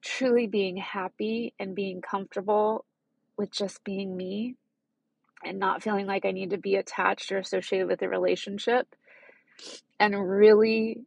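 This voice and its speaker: A woman in her thirties telling a personal story in a vlog, halting and tearful, often restarting her sentences. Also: medium pitch, little pitch movement, creaky, breathy edge, dry recording. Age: 30s. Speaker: vlogger. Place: parked car.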